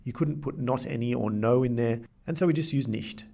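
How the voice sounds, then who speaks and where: A man teaching a grammar lesson, explaining clearly and slowing down to say example sentences. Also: medium pitch, warm tone. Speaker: language teacher.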